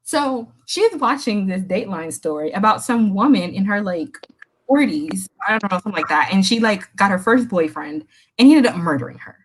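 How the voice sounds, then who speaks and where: A young woman co-hosting a podcast, telling animated stories in casual chat and laughing often. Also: medium pitch, normal speed, slight background noise, low-quality recording. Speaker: podcast co-host.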